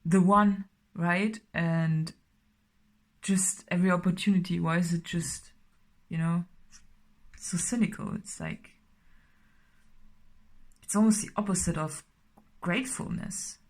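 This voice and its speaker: A woman with a somewhat low voice gives a casual tarot reading. She rambles, fills pauses with "you know" and "uh", and now and then drops to a soft whisper. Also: fairly even intonation. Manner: rambling, many fillers, slips into soft whispers. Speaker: tarot reader.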